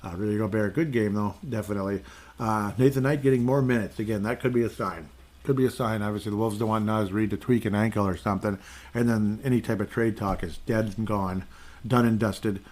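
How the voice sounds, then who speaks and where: Male podcast host, slightly low voice, casual and sarcastic, rambling stat-heavy recap. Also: steady tone, brisk, darkish tone. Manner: rambling, sarcastic, laughs often.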